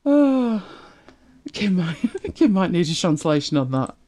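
Casual and often laughing, a streamer from northern England muses aloud to viewers while reacting to videos, their northern accent softened. They speak at a measured pace in a medium pitch with big swings up and down.

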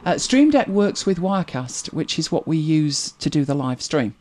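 A woman from Britain chatting casually on a live stream, her pitch swinging up and down as she reads out comments. She rambles, hums to herself while scrolling and chuckles easily. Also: sing-song, moderate pace, darkish tone.

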